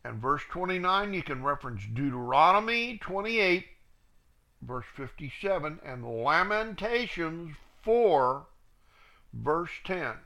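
A man's voice: fairly high pitch, lively intonation, slow, pushed and bright. A man teaching the Bible verse by verse, reading passages aloud and adding plain asides. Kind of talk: verse-by-verse scripture reading with commentary.

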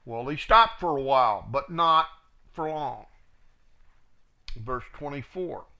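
Guy reading bible verses slow and stopping to explain stuff, bright sharp voice. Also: medium pitch, lively intonation. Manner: reads verses aloud, then adds plain asides. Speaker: Bible teacher. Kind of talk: verse-by-verse scripture reading with commentary.

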